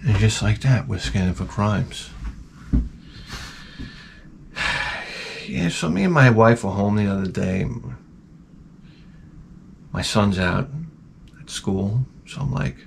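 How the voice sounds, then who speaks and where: A man telling rambling comedic stories in a profane, animated way, often slipping into mocking voices. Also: on the low side, slow, vocal fry, long pauses, a little hiss or hum. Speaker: retro gaming vlogger.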